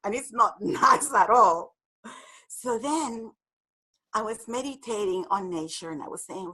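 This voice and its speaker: A woman guest explaining an idea in a lively interview, laughing often and acting out the voices in her examples. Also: mid-range voice, a little slow, slightly rough, low-quality recording. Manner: animated, laughs often, acts out apologetic voices. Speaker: guest speaker. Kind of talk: conversational explanation with acted examples.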